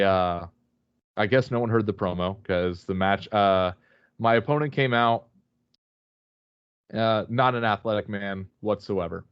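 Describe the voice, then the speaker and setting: A man's voice: low-pitched, clear, resonant tone, no room sound, dull audio. A man guest on a remote call, telling a rambling, swear-filled story with many fillers and restarts. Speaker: podcast guest, wrestler. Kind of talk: casual storytelling chat.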